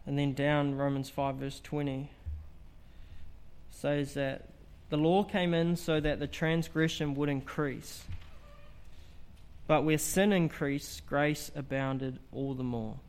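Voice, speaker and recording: A man's voice: a little high, steady tone, slow, a little mellow, clear, resonant tone. A man preaching an evangelistic sermon in an earnest, emphatic way, asking rhetorical questions.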